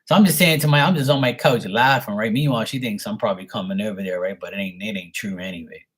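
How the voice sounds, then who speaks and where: A man's voice: on the low side, fast, fairly bright tone, slightly rough. A man, a show host telling a story in a blunt, profane and amused way. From Bermuda. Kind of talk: casual storytelling.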